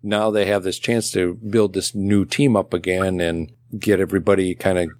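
A man co-hosting a casual podcast chat, relaxed and thinking aloud as he talks. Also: deep voice, moderate pace, no echo, studio quality. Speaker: podcast co-host.

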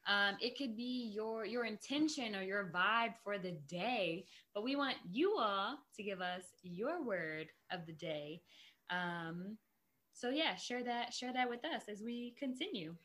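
A woman's voice: mid-range voice, measured pace, fairly bright tone. A woman co-hosting a casual group chat in an encouraging, upbeat way. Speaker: co-host.

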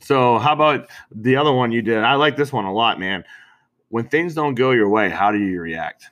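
A man's voice: mid-range voice, expressive, normal speed, fairly bright tone. A young man co-hosting a podcast in casual chat, laid-back, laughing often and calling people bro and dude. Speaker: podcast co-host.

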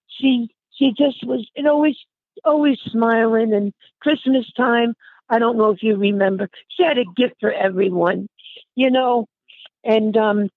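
An older aunt, short of breath, chats affectionately in a casual phone interview, calling the listener honey. Her voice is medium-pitched, and the tinny phone line sounds dry.

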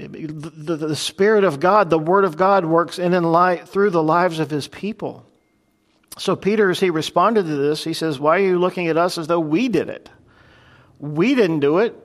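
A man delivering a sermon in a chatty, conversational style. His voice sits a little higher than most men's, and he poses rhetorical questions to the congregation and slips into quick acted-out voices. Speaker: pastor. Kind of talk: expository sermon.

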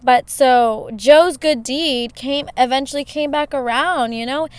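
A woman's voice: sits high, a little slow, clear, resonant tone, dry recording. A woman hosting a podcast, telling a story in a casual, chatty way with lots of "you know" fillers. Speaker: podcast host.

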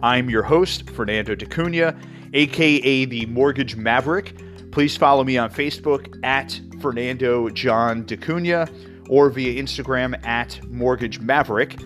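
A New York man hosts a mortgage podcast, explaining fees in a casual, conversational, educational way full of fillers and asides. His voice is medium-pitched and a bit bright at a measured pace, with soft music playing in the background.

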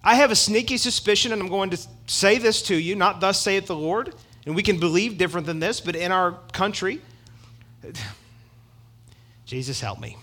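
A man's voice: sits high, animated, moderate pace, pauses often, bright, forceful tone. A middle-aged man preaching a sermon in an emphatic, conversational way, with asides to the congregation. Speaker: pastor.

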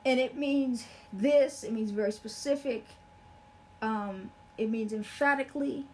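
A woman's voice: fairly high pitch, a little slow, darkish tone, a little hiss or hum. A woman preaching a sermon in an earnest way, repeating phrases for emphasis with many fillers.

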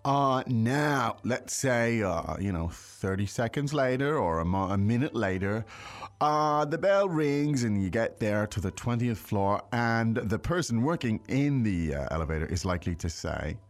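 Lively chatty man teaching a language lesson. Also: medium pitch, unhurried, no echo. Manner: explanatory, animated, chatty.

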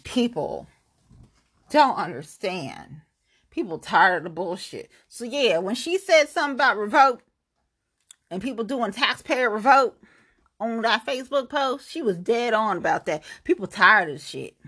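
A woman hosting her own podcast, ranting bluntly and profanely, swinging between loud outbursts and low muttering. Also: animated, unhurried, breathy edge. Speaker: podcast host. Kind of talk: unscripted solo podcast rant.

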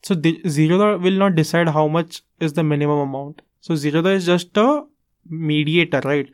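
An earnest podcaster with an Indian English accent talks about investing at normal speed in a fairly high voice. He illustrates points with examples and slips Hindi phrases in casually.

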